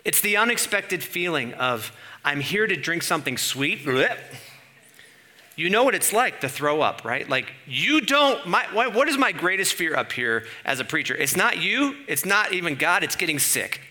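A man preaching a sermon in an animated way, asking the room questions and building to emphatic peaks. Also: sits high, normal speed, hardly any pauses.

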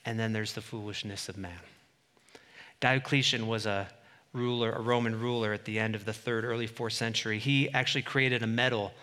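Preacher in a reverberant hall. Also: male voice, medium pitch. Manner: emphatic, swinging between loud declarations and quiet asides. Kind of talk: sermon.

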